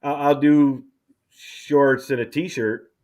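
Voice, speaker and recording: A middle-aged man hosting a casual chat, relaxed and chatty, often repeating words as he starts a thought. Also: medium pitch, slow. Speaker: channel host.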